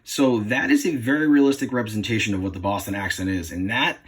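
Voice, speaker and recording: Low husky hesitant male student. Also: fast. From New England. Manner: hesitant, apologetic, many ums. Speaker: student presenter. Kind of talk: class presentation. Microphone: phone.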